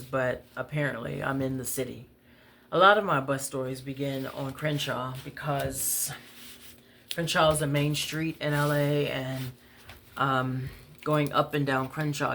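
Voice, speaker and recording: A woman's voice: rumbling low, fairly even intonation, measured pace, vocal fry, a bit bright, a little hiss or hum. A woman poet reading her bus stories aloud, conversational with wry asides. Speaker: poet, storyteller. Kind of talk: spoken-word story reading.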